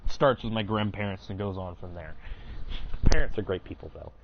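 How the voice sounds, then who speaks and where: A man's voice: sits low, animated, a little fast, creaky, muffled recording, noisy background. A young man telling a rambling, profane story casually while playing a game, often cutting himself off. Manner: rambling, profane, self-interrupting. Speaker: gaming streamer.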